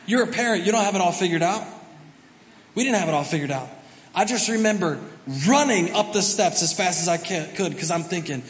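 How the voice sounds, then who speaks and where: A man, the pastor, telling a family story during a sermon, animated and self-mocking. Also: sits high, fairly quick. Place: large church auditorium. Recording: reverberant hall, faint background noise.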